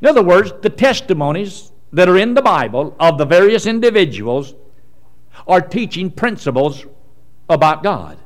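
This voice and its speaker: A man preaching a sermon in a folksy way, going from loud emphasis to quiet asides. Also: sits high, big pitch swings, normal speed.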